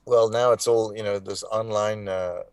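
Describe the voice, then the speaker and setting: A man's voice: fairly low pitch, fairly even intonation, normal speed, clear, resonant tone, no echo. A man in his sixties from South Africa, a voice actor chatting as a guest over a video call, rambling with many fillers and restarts, wry and frank. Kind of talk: casual live interview chat.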